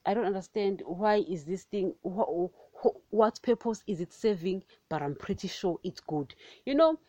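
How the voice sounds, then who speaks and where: A woman's voice: mid-range voice, expressive, normal speed, warm tone, dry recording, dull audio. A woman preaching informally on a podcast, emphatic and fiery, with many conversational fillers and repeated rhetorical questions. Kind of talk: informal devotional teaching.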